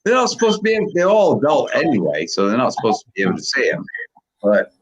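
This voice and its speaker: A man in his sixties with a gravelly voice, rambling and swearing constantly in casual chat. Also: medium pitch, huge pitch swings, quick pace, poor audio. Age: 60s. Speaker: video creator on a live call.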